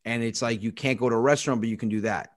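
A man's voice: mid-range voice, steady tone, rapid-fire. A man hosting a podcast, chatting casually and telling stories bluntly, with plenty of swearing. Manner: blunt, profane storytelling. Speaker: podcast host.

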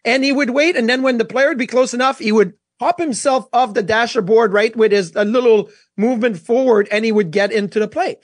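A man with a high voice co-hosting a sports show, recorded dry and close. He tells hockey stories with animated energy. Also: a little fast, hardly any pauses, dry recording. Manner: storytelling, animated. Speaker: co-host, former goalie. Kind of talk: casual sports chat.

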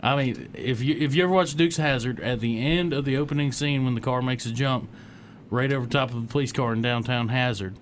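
A man's voice: mid-range voice, a little fast, a little hiss or hum. A man co-hosting a radio show, chatting about cars in an easygoing way. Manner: easygoing, laughs along. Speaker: co-host. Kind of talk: casual radio show chat.

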